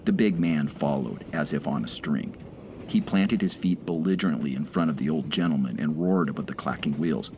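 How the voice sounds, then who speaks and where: A man reading a first-person story aloud in a measured, dramatic way. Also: a bass voice, expressive, darkish tone, a little hiss or hum. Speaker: narrator.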